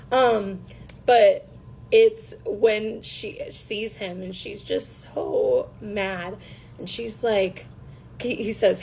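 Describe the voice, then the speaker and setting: A woman's voice: medium pitch, gravelly, darkish tone, slight background noise, rough recording. A woman giving a casual collective tarot reading, rambling and chatty, often hesitating with ums. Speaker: tarot reader.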